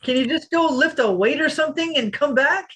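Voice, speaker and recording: A woman's voice: high voice, brisk, a bit bright, voice pushed up. A woman voicing a brusque male stunt coordinator who jokes bluntly and calls her kid. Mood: gruff, teasing.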